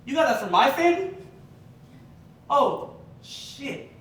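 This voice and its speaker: A man's voice: very high-pitched, expressive, slow, a bit bright, recorded from a distance, full character voice. A man playing a brash, shameless neighbor. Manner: brash, cheerfully crude. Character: shameless man who gave kids alcohol. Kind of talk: sketch comedy. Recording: echoey stage from afar, audience laughing.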